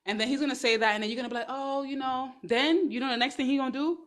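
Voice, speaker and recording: Chatting directly to her viewers, a Brooklyn woman hosts a live stream from her phone. Her slightly high, a bit bright voice moves very fast, and her sassy, slang-heavy talk rambles from point to point.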